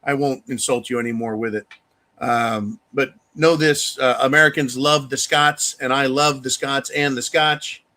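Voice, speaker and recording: Bright-voiced man ranting bluntly. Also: medium pitch, fairly even intonation, a little slow. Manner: profane, blunt and opinionated; addresses viewers directly. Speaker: livestream host reading viewer donations. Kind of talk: casual ranting talk show.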